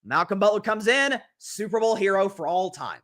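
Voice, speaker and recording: High bright-voiced sports podcast host. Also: male voice, moderate pace. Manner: energetic opinionated rant. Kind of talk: casual sports commentary.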